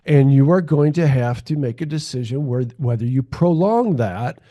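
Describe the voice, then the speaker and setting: A man with a mid-range, mellow voice talks in a measured, reflective way. He often murmurs agreement while the other host speaks. The conversation is casual. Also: mid-range voice, lively intonation. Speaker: podcast co-host.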